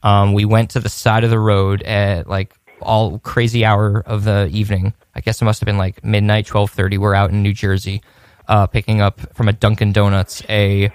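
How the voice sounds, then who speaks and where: A man's voice: fairly low pitch, level tone, moderate pace, smooth, dry recording. A man telling a rambling personal story in a casual podcast chat, with many restarts and laughs.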